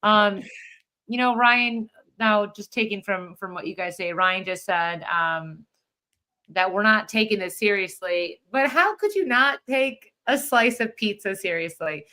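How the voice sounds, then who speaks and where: A woman's voice: mid-range voice, expressive, a little slow, bright, forceful tone. A woman hosting a sports podcast in casual chat, playful and giggly. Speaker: podcast host.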